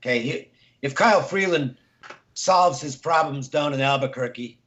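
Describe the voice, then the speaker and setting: A man's voice: fairly high pitch, moderate pace, fairly bright tone, echoey room, muffled recording. A man, a sports handicapper, talking through betting picks in a conversational, analytical way.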